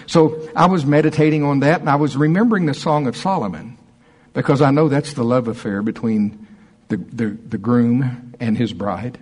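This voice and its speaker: A man preaching a sermon to his congregation, animated and excitable, slowing down to read scripture with care. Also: mid-range voice, breathy edge. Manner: animated, excitable, breaks into laughter and shouts; reads scripture slowly and deliberately. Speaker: pastor.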